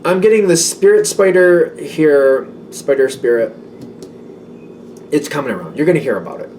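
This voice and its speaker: A man's voice: on the high side, lively intonation, normal speed, a little mellow, far from the mic, a little hiss or hum. A man giving a casual tarot reading, rambling and self-doubting, with many fillers. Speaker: tarot reader.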